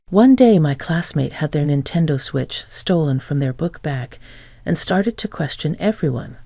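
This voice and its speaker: Gravelly dark-voiced male storyteller. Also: on the high side, dry recording. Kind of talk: scripted first-person narration.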